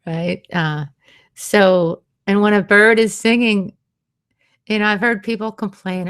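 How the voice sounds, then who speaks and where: A woman hosting a radio show on healing, speaking in a gentle, soothing way. She takes her time, drifting into quiet asides and soft laughter. Her pitch sits in the middle range for a woman, and her delivery stays slow. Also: dry recording, studio quality. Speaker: radio show host and vocal sound healer.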